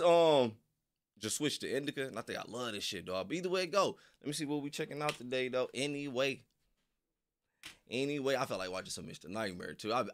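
A man hosting a live stream, talking in a laid-back, slangy way as he reads viewers' messages aloud. His voice sits fairly low but swings widely in pitch, rising and falling freely. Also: fairly bright tone. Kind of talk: casual live-stream chat.

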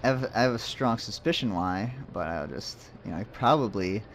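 A man's voice: lowish voice, expressive, moderate pace, slight background noise. A man casually commenting as he plays a game, rambling and muttering to himself with jokes along the way. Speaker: let's play host.

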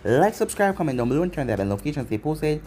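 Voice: medium pitch, sing-song, very fast, mellow, slight background noise. A channel host reading fan fiction aloud in long, tumbling run-on sentences. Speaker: YouTube story narrator.

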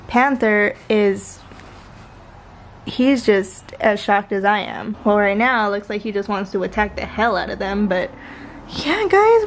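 A woman's voice: fairly high pitch, slight background noise, poor audio. A young woman chatting casually and animatedly in a home vlog, swearing now and then. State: out of breath after a workout. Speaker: vlogger.

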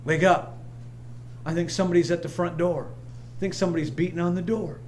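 A man quoting his wife in a sermon story, in a soft, hushed retelling of an affectionate, fretful woman. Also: lowish voice, steady tone, a little fast, slight background noise, voice pushed down, close to an everyday voice. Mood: worried.

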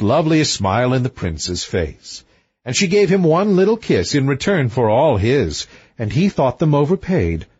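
A man reading a fairy tale aloud as an audiobook, expressive, swinging between high and low. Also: breathy edge, dry recording. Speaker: audiobook reader. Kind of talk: scripted storybook narration. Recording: dull dry lo-fi recording.

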